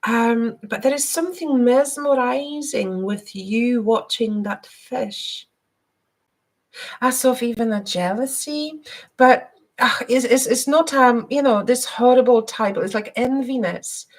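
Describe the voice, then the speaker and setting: A woman hosting a live stream and giving spiritual readings, talking gently with many hesitations and repeated words. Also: a little high, slow. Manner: soft and gentle, guiding breathing.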